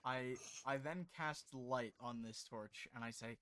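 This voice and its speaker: A man playing a tabletop game, talking in an animated way with stammering restarts. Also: mid-range voice, unhurried. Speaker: player. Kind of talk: casual tabletop game chat.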